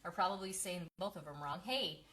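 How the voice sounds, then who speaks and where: A woman's voice: on the low side, a little fast, crowd noise. A woman hosting a casual craft live stream, chatting and reading out viewer comments.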